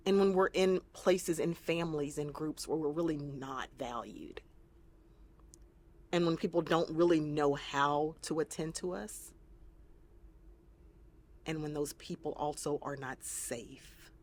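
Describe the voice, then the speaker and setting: Deep and a little slow, this woman's voice leaves long pauses. As a guest on an interview, the trauma-focused therapist reflects earnestly and occasionally acts out the voices she's quoting.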